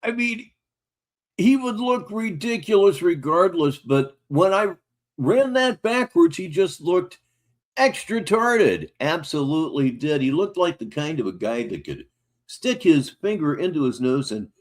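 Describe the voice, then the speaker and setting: A man's voice: on the high side, very animated, a little slow. An older man hosting a casual livestream, talking in a wry, mocking way. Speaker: livestream host.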